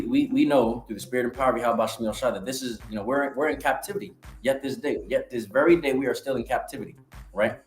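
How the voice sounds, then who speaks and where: Brief: man of middle pitch, casual street preacher, cusses freely, reads verses aloud, roomy echo, faint music under. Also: darkish tone. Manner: blunt and profane, with repeated "all right?" check-ins. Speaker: ministry member giving testimony. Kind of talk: casual preaching testimony with scripture reading.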